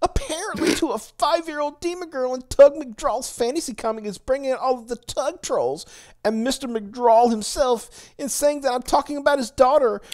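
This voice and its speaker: A man doing a high, strained impression of a self-righteous middle-aged male comic creator, squealing in indignation. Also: normal speed, a little mellow. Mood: indignant.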